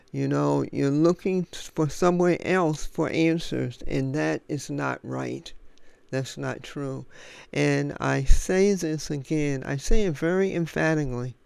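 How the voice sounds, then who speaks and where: Slow, gravelly, earnest man preaching. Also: a little high, a little mellow, no echo. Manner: earnest and emphatic, many ums. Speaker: Christian teacher. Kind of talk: recorded devotional sermon.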